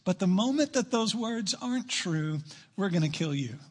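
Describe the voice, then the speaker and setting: A man preaching a sermon to his church, emphatic, rushing through asides and slowing down to stress key lines. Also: sits high, lively intonation. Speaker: pastor. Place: church sanctuary.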